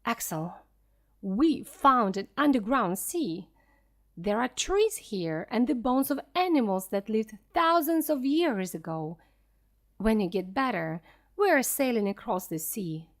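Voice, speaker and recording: A woman's voice: high voice, very animated, exaggerated voice. Woman reading as an eager old professor. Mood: excited. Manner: eager, explaining slowly and clearly. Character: excited elderly male professor explorer.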